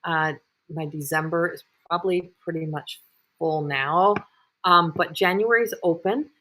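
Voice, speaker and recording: A woman's voice: lowish voice, unhurried, bright, forceful tone. A woman hosting live intuitive readings, talking in a rambling, repetitive way with many fillers and restarts. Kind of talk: live-streamed psychic reading.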